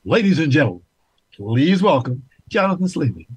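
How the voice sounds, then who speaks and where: A man's voice: on the high side, big pitch swings, normal speed, breathy edge, no room sound, rough recording. A man hosting a talk show, speaking emphatically and repeating key points for viewers.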